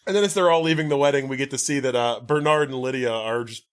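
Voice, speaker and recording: Talking quickly in a smooth, mid-range voice, a man on his podcast loosely retells a movie's story. The recap wanders, packed with fillers, "likes" and false starts.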